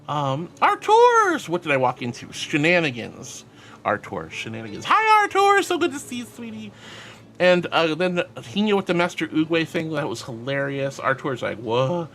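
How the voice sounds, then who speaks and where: A man's voice: a little high, huge pitch swings, moderate pace, fairly bright tone, slight background noise. A man streaming live and reading out chat, bubbly and affectionate, calling viewers sweetie.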